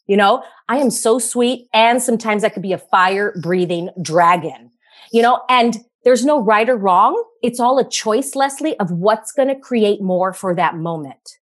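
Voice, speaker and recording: Animated woman guest chatting. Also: medium pitch, a little slow. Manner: animated, repeats phrases for emphasis. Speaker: podcast guest. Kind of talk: casual interview chat.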